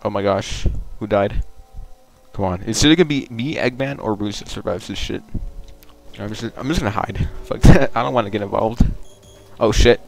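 Rambling low-voiced young man gaming. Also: moderate pace, gravelly. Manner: rambling, joking, profane, bursts of loud excitement. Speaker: gaming video creator. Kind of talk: casual gameplay commentary.

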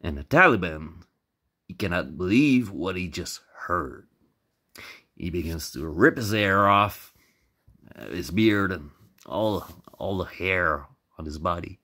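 A man's voice: deep voice, expressive, slow pace, pauses often, pushed and bright. A man telling a comic story casually, rambling, swearing and repeating words.

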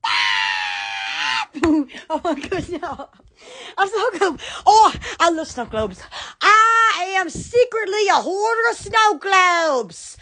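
A woman hosting a casual live stream, giddy and excitable, laughing and squealing often. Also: very high-pitched, slow, raised voice, slight background noise.

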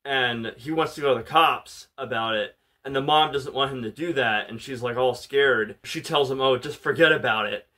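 A man's voice: medium pitch, normal speed, few pauses, sharp tone. A man casually retelling a film's plot, full of "like" and "you know" fillers. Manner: loose and chatty, many "like" and "you know" fillers. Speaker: movie reviewer.

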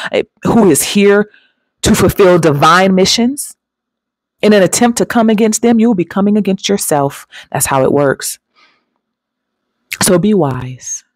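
A woman hosting a spiritual self-help channel speaks straight to her viewers in an emphatic, preachy motivational talk, laughing easily between points. Her medium-pitched voice has a darkish tone, recorded dry.

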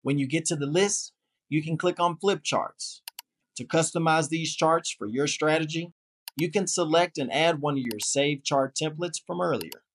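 A man narrating a scripted software tutorial in an upbeat, polished promotional manner. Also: a little high, moderate pace, slightly rough.

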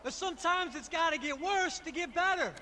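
An actor playing a laid-back tennis coach with a relaxed, surfer-ish way of talking. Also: male voice, extremely high pitch, a little fast, slight background noise, heavily acted. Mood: placating. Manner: mellow, surfer-ish, calls everyone bud.

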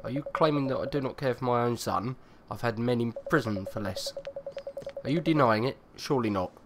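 A man's voice: medium pitch, a little fast, noisy background, natural voice. A man doing a pompous, scornful older male emperor voice while reading game dialogue aloud. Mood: haughty. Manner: mocking, pompous laugh and formal speech. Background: game music.

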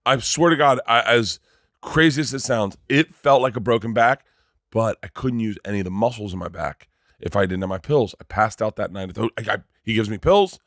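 A man in his thirties, a comedian guest on a podcast, telling a story in a casual, animated way, full of restarts and swearing. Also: lowish voice, a little fast, no room sound, clean studio sound.

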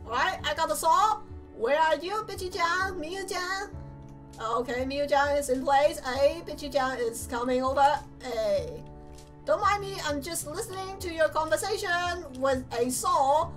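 A woman's voice: high-pitched, unhurried, fairly bright tone, distant mic, soft background music, poor audio. A woman doing playful, giggly let's play commentary over a game. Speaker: gamer.

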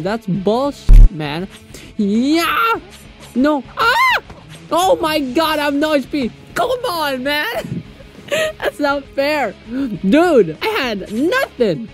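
A young man giving casual gameplay commentary, excitable, yelping, laughing often and swearing freely. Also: very high voice, drawn-out words, over music. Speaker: gaming channel host.

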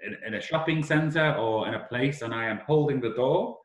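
A young British man teaching an online lesson to language learners, speaking slowly and clearly over a video call. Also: medium pitch, reverberant, low-quality recording. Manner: slow, deliberate, clear for learners.

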